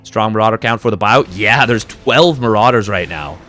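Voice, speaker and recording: Bright-voiced excitable male game caster. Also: fairly low pitch, faint music behind. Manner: excitable, rising to quick bursts during fights. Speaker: esports caster. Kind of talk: live game commentary.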